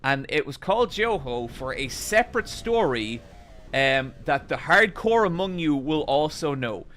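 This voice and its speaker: Lively, bright-voiced male streamer storyteller. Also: a little high, measured pace. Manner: animated, swears freely. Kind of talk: casual storytelling while gaming.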